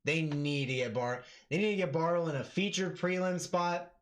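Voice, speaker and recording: A man doing live play-by-play commentary on an MMA fight for his stream, talking casually and yelling with excitement at the big moments. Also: a little high, moderate pace.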